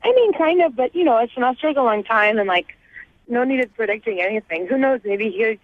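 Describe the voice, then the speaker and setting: A woman's voice: fairly high pitch, lively intonation, brisk, no room sound. Gushing woman caller on tinny phone line. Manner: gushing, chatty. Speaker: radio caller. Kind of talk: phone call on radio. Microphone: telephone.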